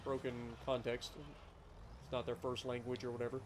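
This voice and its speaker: A man's voice: medium pitch, little pitch movement, moderate pace, slight background noise, rough recording. A man from the Ohio foothills with an Appalachian accent, chatting and telling stories while streaming a farming game, enunciating carefully. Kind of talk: casual live-stream chat.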